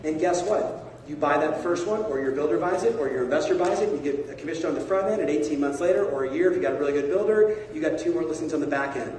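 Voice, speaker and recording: A man works a seminar crowd with a quick, energetic, coaxing delivery, and his voice sits a touch high. He is caught from deep in a large hall, so his speech rings with long echo. A faint hum of the room runs under it. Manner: energetic, rapid, coaxing the audience. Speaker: sales coach speaker. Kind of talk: motivational seminar talk. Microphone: far from a phone camera in the audience. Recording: echoey hall recorded from far off.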